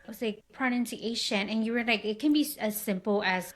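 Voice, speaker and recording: Woman host, mid pitch, chatty and full of fillers. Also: quick pace. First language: Spanish. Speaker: podcast host. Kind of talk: casual interview chat.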